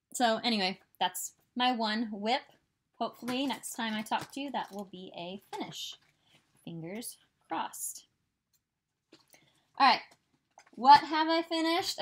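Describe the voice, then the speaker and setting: A woman's voice: medium pitch, a bit bright. A woman in her thirties with a Midwestern American accent talks to the camera from home. Her manner is chatty and upbeat, wandering off on cheerful asides before coming back to the point. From southern Illinois, US. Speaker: stitching vlogger. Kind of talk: casual chat.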